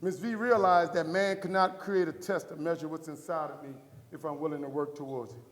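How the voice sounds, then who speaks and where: A man's voice: fairly high pitch, fairly even intonation, fairly quick. A middle-aged man giving an inspirational keynote speech, telling a story and acting out the dialogue with a preaching cadence. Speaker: motivational speaker. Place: large hall before a live audience. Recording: echoey hall from far off.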